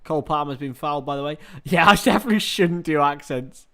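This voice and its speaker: A man calling a match on his own livestream, loose and chatty with plenty of self-mocking jokes. His voice sits a little on the high side for a man. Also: fast talker, a bit bright. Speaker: livestream host. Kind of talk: casual watchalong commentary.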